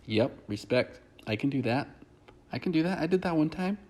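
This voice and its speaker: A man's voice: a little high, expressive, normal speed, a little mellow, pitched above the performer's own voice. A man voicing a stubborn, clueless young male dating-show contestant in a sarcastic, mocking way.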